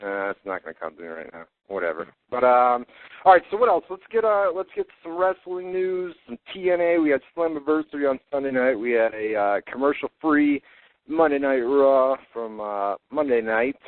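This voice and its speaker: A man's voice: mid-range voice, moderate pace, no room sound. A man with a New York accent hosting a casual radio show, talking loosely with lots of restarts and the odd curse word. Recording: tinny phone-like web radio audio.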